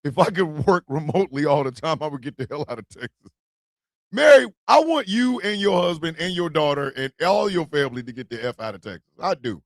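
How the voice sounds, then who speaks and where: A man hosting a comedy show, ranting in a profane, animated way with yelled bursts. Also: on the high side, brisk, creaky, no room sound, clean studio sound. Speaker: host. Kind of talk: comedic rant commentary.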